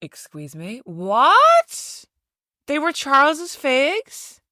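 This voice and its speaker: A woman's voice: sits high, huge pitch swings, very slow, sharp tone, no room sound, studio quality. A woman guest on a podcast in casual chat, reacting expressively and swearing often.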